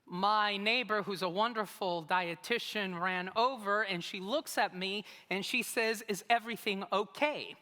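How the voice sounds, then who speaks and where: A man preaching a sermon as pastor, telling a story with animated, humorous delivery. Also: sits high, a little slow, few pauses. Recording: long reverb of a large hall.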